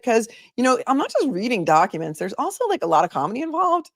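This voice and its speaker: A woman attorney hosting a casual livestream, telling stories in a chatty, animated way and talking to her chat. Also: on the high side, fast talker, dry recording, clean studio sound. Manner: chatty, animated storytelling, reads chat aloud.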